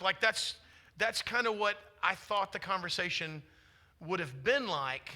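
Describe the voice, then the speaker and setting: A man's voice: sits high, lively intonation, normal speed, sharp tone. A man in his forties, a pastor, telling a story during a sermon in a conversational way, often asking the congregation questions. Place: church sanctuary.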